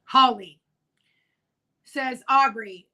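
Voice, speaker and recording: A woman's voice: high voice, drawn-out words, gravelly, pushed and bright, rough recording. A woman hosting a casual livestream discussion, talking emphatically and repeating her key points. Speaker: livestream host. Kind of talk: casual discussion of a news case.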